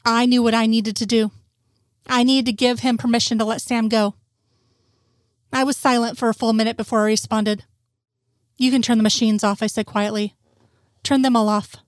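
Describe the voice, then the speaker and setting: A woman narrating a fan fiction story in a steady, soft-spoken reading. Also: a little high, normal speed, pauses often, dry recording, studio quality. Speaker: audiobook narrator.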